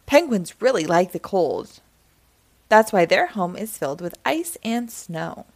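A woman's voice: mid-range voice, sing-song, measured pace. A woman reading as a bubbly cartoon girl. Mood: cheery.

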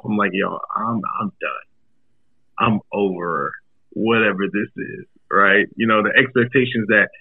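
A husky-voiced man speaks earnestly as a podcast guest, often stumbling over and repeating his words. His voice comes through a thin, tinny, phone-like line. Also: on the low side. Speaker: guest, comedian. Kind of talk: casual chat.

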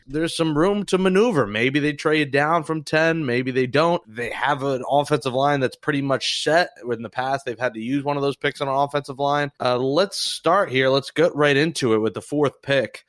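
A man hosting a sports podcast, talking in a chatty, joking way with quick asides. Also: mid-range voice, fairly bright tone, no echo, clean studio sound. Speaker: podcast host. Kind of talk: casual sports podcast chat.

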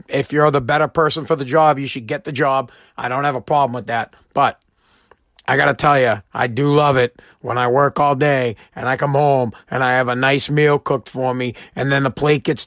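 A man's voice: mid-range voice, fairly bright tone, dry recording, clean studio sound. A man from Massachusetts hosting a live-streamed show, ranting in a blunt, joking way and swearing freely. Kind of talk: casual rant.

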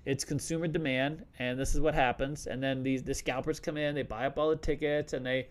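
A man's voice: mid-range voice, steady tone, a little fast. A man hosting a casual live stream, talking loosely and joking with lots of restarts. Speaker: host.

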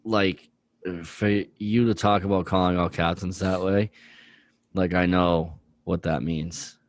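A man's voice: low-pitched, fairly even intonation, slow pace, no echo. A man co-hosting a podcast, talking earnestly in a rambling way with many fillers. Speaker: podcast co-host. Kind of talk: casual chat.

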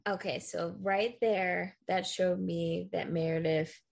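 Husky, gravelly woman reacting bluntly. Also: on the low side, fairly even intonation, slow pace. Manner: blunt reactions, frequent laughter, slangy. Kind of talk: casual chat.

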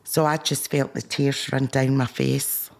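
A woman's voice: measured pace, gravelly. A woman telling her business story in an interview, acting out the dialogue with animation. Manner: animated, acts out dialogue with rising pitch. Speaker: guest, business founder. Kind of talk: storytelling in conversation.

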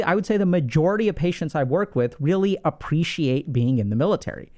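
A man working as a clinician, giving an educational talk in a conversational, animated way with frequent fillers. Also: high-pitched. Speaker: mental health clinician and host. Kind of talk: educational monologue.

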